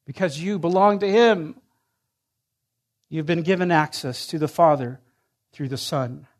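A man preaching a sermon in an earnest way, rising in force and then sinking to hushed lines. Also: on the high side. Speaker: pastor.

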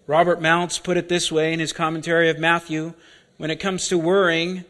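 A man preaching a sermon, deliberate and repeating key words for emphasis. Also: a little high, little pitch movement, a bit bright.

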